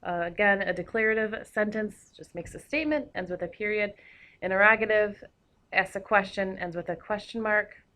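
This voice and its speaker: A woman's voice: mid-range voice, normal speed, sharp tone. A woman teacher giving a recorded grammar lesson, explaining patiently with a few fillers.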